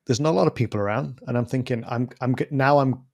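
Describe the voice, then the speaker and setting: A man co-hosting a podcast, telling a story in a casual, animated, self-deprecating way. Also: mid-range voice, fast, vocal fry, no echo, clean studio sound. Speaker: podcast co-host.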